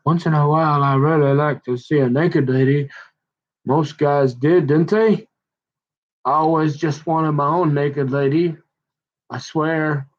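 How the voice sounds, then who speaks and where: A man's voice: fairly high pitch, steady tone, unhurried. A man rambling through a monologue, talking to himself in second person with lots of filler. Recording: dull lo-fi recording.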